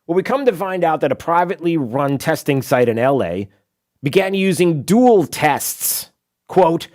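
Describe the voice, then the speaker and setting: Talk radio host, male, sarcastic and rambling, lively pitch. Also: normal speed. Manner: sarcastic, animated, rambling with asides. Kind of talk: opinionated talk radio monologue. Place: radio studio.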